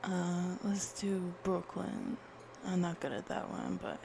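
A woman's voice: fairly low pitch, slow pace, vocal fry, few pauses, background noise. A woman with a Minnesota accent, chatting casually in a vlog and laughing often at herself. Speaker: vlogger.

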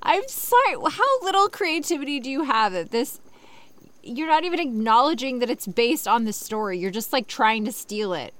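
A woman's voice: fairly high pitch, normal speed, no room sound. A young woman reading a story aloud and breaking off into sarcastic, swearing rants about it. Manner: sarcastic, swears freely, rants loudly in bursts. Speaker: online reader and commentator.

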